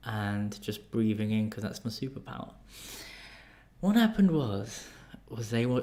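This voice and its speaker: Calm, animated English man telling a story. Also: medium pitch. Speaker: life coach. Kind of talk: storytelling vlog.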